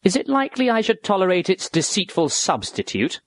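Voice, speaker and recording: A woman's voice: mid-range voice, sing-song, a little fast. A woman reading the part of an exasperated, earnest economist in an audiobook dialogue. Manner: earnest, emphatic exclamations.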